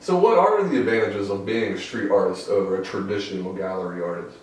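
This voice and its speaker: A man's voice: low-pitched, a little fast, a little hiss or hum. A man interviewing a guest, asking his questions in a dry, teasing way. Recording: echoey room, distant mic, music.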